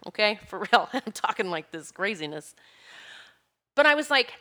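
A woman with a bright, forward voice talks through spiritual ideas in a loose, casual way. She rambles and hunts for the right words as she goes, with laughs between her thoughts. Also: medium pitch, expressive, brisk. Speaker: spiritual speaker.

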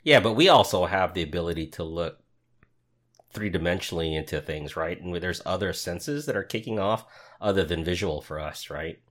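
A man's voice: low voice, moderate pace, a bit bright. A man co-hosting a podcast in casual chat, thinking aloud and often restarting his sentences. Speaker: podcast co-host.

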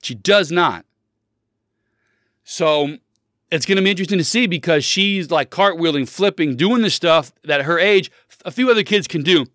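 A man in his thirties hosting a solo podcast with a fairly high voice. He talks bluntly and preaches, repeating short commands for emphasis. The sound is close and dry, with no room around it. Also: lively intonation, normal speed, a bit bright, no echo. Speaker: podcast host. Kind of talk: casual solo podcast monologue.

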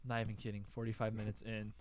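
A young man co-hosting a podcast, telling animated stories with swearing and frequent laughter in casual chat. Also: on the low side, quick pace. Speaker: podcast co-host.

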